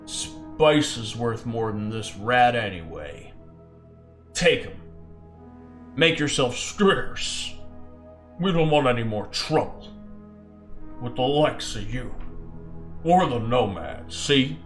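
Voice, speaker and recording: A man's voice: medium pitch, very animated, takes it slowly, pauses often, soft background music. A man voicing a menacing, trident-wielding alien gang leader who speaks with a threatening, drawling swagger. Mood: dismissive.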